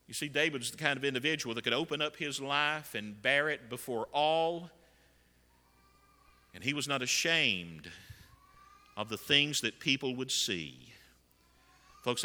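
A man's voice: mid-range voice, expressive, moderate pace, pauses often. A man preaching a sermon with emphatic delivery that swells at key points. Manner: emphatic, rising to loud acted quotes. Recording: long hall reverb.

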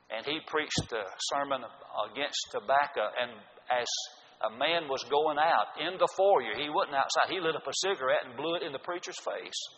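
A man's voice: medium pitch, bright, forceful tone. An older man, preaching a sermon with folksy, emphatic storytelling. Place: church sanctuary. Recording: dull lo-fi sound in a reverberant hall.

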